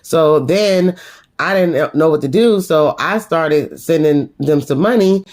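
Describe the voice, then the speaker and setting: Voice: mid-range voice, slow pace, a little mellow. A sassy reality TV reviewer giving a casual, slangy recap full of laughter.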